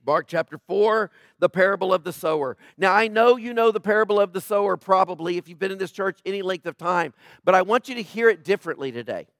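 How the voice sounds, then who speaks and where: A male pastor preaching a conversational sermon, often checking in with his listeners and dropping to a hush at tender points. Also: sits high, fast, hardly any pauses, no room sound, clean studio sound. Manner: conversational preaching, frequent "right?" tags, swings from loud to hushed.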